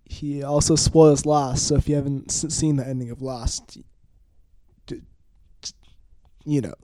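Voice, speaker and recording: A man's voice: mid-range voice, fairly even intonation, unhurried, dark tone. A man hosting a podcast with friends, chatting casually, laughing and stumbling over his words. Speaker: podcast host. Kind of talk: casual chat.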